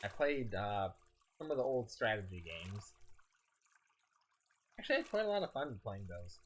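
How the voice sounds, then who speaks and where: A man's voice: fairly low pitch, sing-song, normal speed, slight background noise. A tired man streaming a game, rambling as he plays, often stumbling and restarting his sentences. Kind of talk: casual gameplay commentary.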